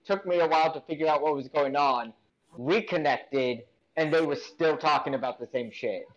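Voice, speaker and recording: A man's voice: on the high side, moderate pace, dull audio. A man playing in an online tabletop game, earnest and filling his talk with "like". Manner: fills with "like", earnest. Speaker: player. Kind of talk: casual game chat.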